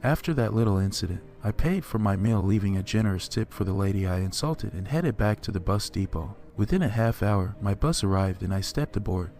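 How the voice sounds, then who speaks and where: A man narrating a horror story in a steady, measured first-person telling. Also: fairly low pitch.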